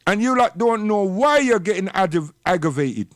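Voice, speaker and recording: Man with a high voice, preachy and scolding, dry close sound, for a livestream rant. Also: lively intonation, normal speed, no echo. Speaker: livestream commentator. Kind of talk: impassioned livestream monologue.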